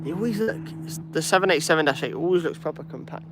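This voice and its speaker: Over music, a Birmingham-accented Englishman hosts a plane-spotting livestream, his on-the-high-side voice expressive and quick. He's chatty and easygoing, reading and answering his viewers' chat.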